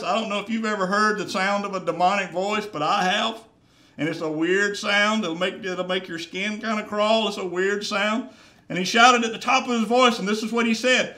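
High-voiced preaching man. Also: normal speed, sharp tone. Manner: earnest preaching, repeating phrases for emphasis. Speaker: pastor. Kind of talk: sermon. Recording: roomy church echo.

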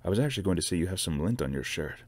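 A man's voice: low-pitched, animated, rapid-fire, a little mellow, a little hiss or hum. A man voicing a sheepish young film student. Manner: nervous, sheepish.

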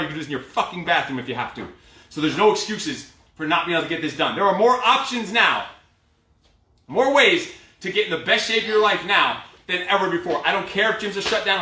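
A man, a fitness trainer, calling out workout combos and giving a blunt, profane pep talk, out of breath. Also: a little high. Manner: shouted drill cues, profane motivational talk. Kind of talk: live workout coaching. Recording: echoey room, from far off mic.

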